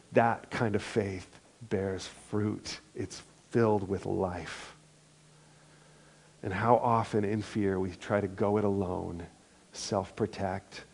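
A middle-aged male pastor preaching a sermon and leading a responsive reading in a slow, soft, unhurried way. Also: fairly low pitch, vocal fry, slightly rough.

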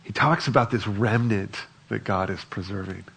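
A man's voice: lowish voice, normal speed, vocal fry, a bit bright, slightly rough. A man preaching a sermon in a conversational way, reading scripture aloud between his own remarks. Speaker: pastor.

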